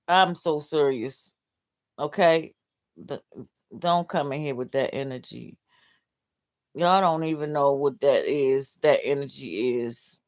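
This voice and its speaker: Sad middle-aged lady on a livestream, low voice, talks slow, blunt and cussing. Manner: blunt, swears, laughs at comments. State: downcast, heartbroken. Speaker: livestream host. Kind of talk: casual livestream chat reading comments.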